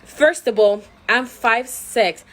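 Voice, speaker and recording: A mother vlogging to camera, telling a story in a chatty, animated way with many fillers and frequent laughter. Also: on the high side, takes it slowly.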